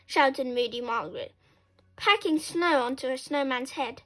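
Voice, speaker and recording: A woman reading a children's story aloud, expressive and lively, acting out sound effects. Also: sits high, a little slow.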